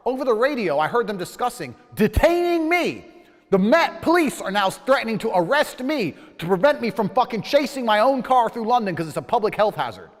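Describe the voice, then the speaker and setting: A man telling a story in a casual, animated way, swearing freely and acting out the dialogue. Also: extremely high pitch, fairly quick, in a large hall. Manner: animated, profane, acts out dialogue.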